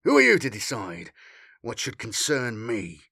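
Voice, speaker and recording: A man's voice: medium pitch, sing-song, normal speed, a bit bright, no room sound, studio quality. A man doing a stern, barking armored sergeant. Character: stern male armored sergeant, commanding and quick-tempered. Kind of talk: audiobook character voice.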